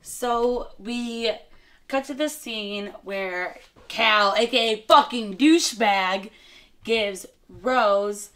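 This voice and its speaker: A woman's voice: fairly high pitch, drawn-out words, fairly bright tone. A young woman comedian retelling a film in a rambling, profane, joking way. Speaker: guest comedian. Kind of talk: comic movie retelling.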